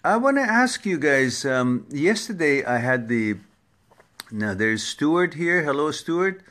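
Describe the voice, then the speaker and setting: A man hosting a live online Q&A talk, greeting viewers one by one by name and stumbling over names in a casual, unhurried way. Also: a little high, sing-song, fairly bright tone. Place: home setup for a social media live stream.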